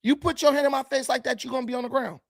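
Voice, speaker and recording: A man's voice: very high voice, fairly even intonation, rapid-fire, no echo. A man giving blunt, combative commentary while reacting to video clips, often mocking the people he watches. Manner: blunt, combative and mocking, with sudden swings in loudness.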